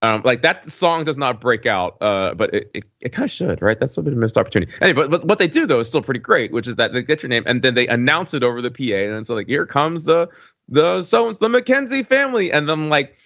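A man's voice: medium pitch, lively intonation, quick pace, few pauses, a bit bright, no room sound, muffled recording. A man in his forties hosting a podcast in casual chat, rambling with lots of fillers and restarts. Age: 40s. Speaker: podcast host.

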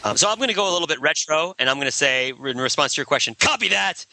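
A man's voice: medium pitch, expressive, very fast, sharp tone, dry recording. A man chatting on a podcast panel, joking and enthusiastic. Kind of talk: casual panel podcast chat.

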